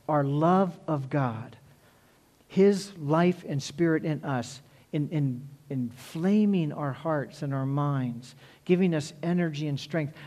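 A man's voice: on the high side, a little mellow. A male pastor preaching a sermon earnestly, repeating key phrases for emphasis.

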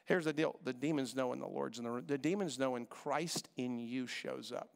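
A man preaching a sermon as pastor, animated and repetitive, acting out voices when he quotes people. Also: medium pitch, normal speed, creaky. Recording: long hall reverb.

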